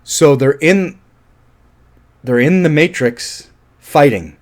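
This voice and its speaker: A man's voice: on the high side, slow, darkish tone. A man giving a casual, rambling film review, thinking aloud and often restarting his sentences.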